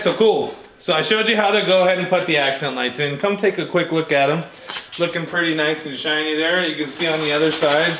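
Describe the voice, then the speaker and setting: A man casually talking viewers through a hands-on vehicle repair, relaxed and chatty as he works. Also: on the high side. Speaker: DIY vehicle tutorial host. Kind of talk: casual hands-on how-to walkthrough. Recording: roomy echo with faint noise.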